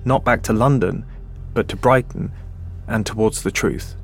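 A man with a fairly low voice tells a true story in scripted documentary narration. He takes his time and lays out events with measured, deliberate care. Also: gravelly, faint music behind. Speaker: podcast host and journalist.

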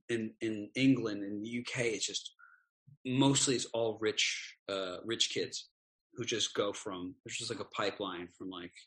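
A man co-hosting a podcast in casual chat, crude and mocking, often slipping into quick impressions of others. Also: lowish voice, fairly bright tone. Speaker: podcast co-host.

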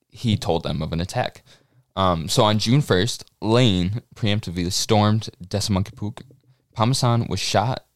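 A young man with a low voice tells a history story on a podcast, joking, swearing casually and laughing often. The sound is dry and close to the mic. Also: dry recording. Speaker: podcast co-host.

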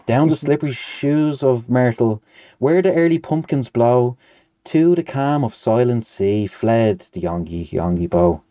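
A man's voice: mid-range voice, unhurried, no echo. A man co-hosting a casual show, chatting playfully and then reading a nonsense poem aloud. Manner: lively, playful.

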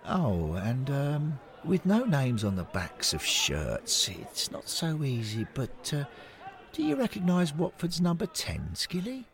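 A man voicing a kindly older male ghost who speaks gently and evenly, close to his own voice. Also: a little high, huge pitch swings, creaky, crowd noise, pitched above the performer's own voice, full character voice. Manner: gentle, measured.

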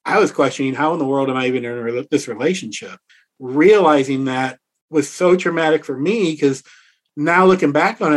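A middle-aged man telling a personal story to an interviewer, reflective and earnest, slowing down to stress key words. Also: a little high. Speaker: author and interview guest.

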